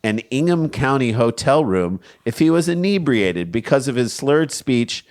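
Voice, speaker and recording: A middle-aged man co-hosting a comedy podcast, bantering quickly and slipping into mock drunk voices. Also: medium pitch, big pitch swings, darkish tone.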